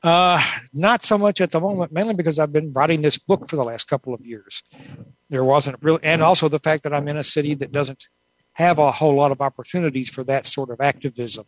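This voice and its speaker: A woman's voice: low-pitched, brisk, no echo, poor audio. Woman guest in an interview, rambles thoughtfully, dry and close. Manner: thoughtful, rambling, with many asides. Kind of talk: casual conversational interview.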